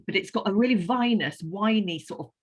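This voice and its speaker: A woman with a Northern English accent, a beer writer chatting casually and explaining with lively enthusiasm. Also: mid-range voice, a little fast, breathy edge. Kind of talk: casual chat.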